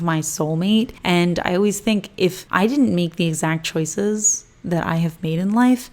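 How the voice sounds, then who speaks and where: A young woman chatting through viewer questions in a relaxed vlog. Her voice sits a little low, and she talks loosely, with frequent laughs and plenty of filler words. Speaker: vlogger answering viewer questions. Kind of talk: casual chat.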